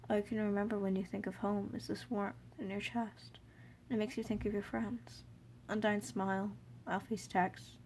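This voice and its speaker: A woman narrates a fan story in second person with soft, earnest warmth. Her voice sits at an ordinary middle pitch for a woman, with faint background noise underneath. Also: gravelly. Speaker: fanfiction reader.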